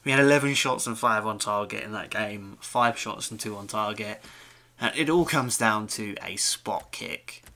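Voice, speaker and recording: A young man giving live commentary on his own football video game, talking to the players on screen and swinging between muttering and shouting. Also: on the low side, moderate pace. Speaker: gaming YouTuber.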